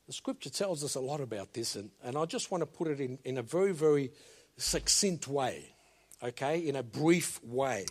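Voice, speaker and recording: An older man preaching a sermon, slow and emphatic, swinging between loud commands and quiet low asides. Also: animated.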